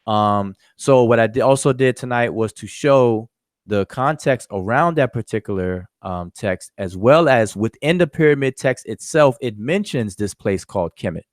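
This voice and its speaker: A man's voice: mid-range voice, expressive, moderate pace, no echo, clean studio sound. A man giving an informal spoken recap of a lecture, explaining step by step with frequent fillers. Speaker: lecturer summarizing a discussion.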